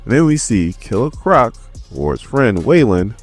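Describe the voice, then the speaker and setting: A man's voice: medium pitch, very animated, normal speed, faint music behind. A man casually recapping a comic issue, laid-back and slangy as he tells the story. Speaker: comic book reviewer.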